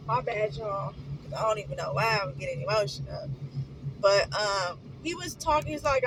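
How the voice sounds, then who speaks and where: This young adult vlogger from Oakland, California, shares her personal story on camera in an emotional, casual way that keeps wandering into tangents. She has a mid-range voice with big pitch swings and a moderate pace, over a noisy background.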